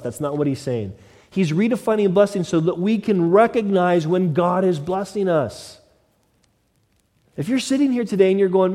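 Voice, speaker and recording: Male pastor, conversational sermon, mellow tone, long hall reverb. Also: sits high, expressive, moderate pace. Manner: conversational preaching with mock quoted voices.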